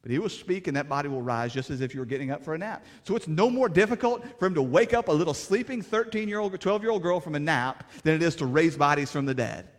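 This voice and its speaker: A man preaching a sermon as pastor, in plainspoken, folksy words, swinging between fervent raised passages and hushed, quiet stretches. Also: on the high side, expressive, fast talker, few pauses. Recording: reverberant hall.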